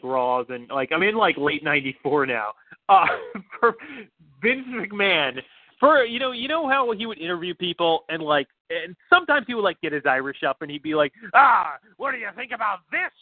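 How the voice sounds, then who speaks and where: A man's voice: fairly high pitch, no room sound. A man co-hosting a podcast, rambling casually with lots of fillers and profanity. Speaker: podcast co-host. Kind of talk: casual chat. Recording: tinny phone-like line, dry.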